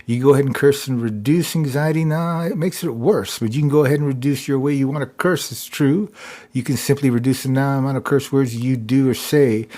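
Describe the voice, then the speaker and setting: Guy rambling on a live stream, mellow dark voice, keeps saying it's true. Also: mid-range voice, a little fast. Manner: repetitive, circling, says "it's true" often. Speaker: livestream host. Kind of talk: rambling monologue.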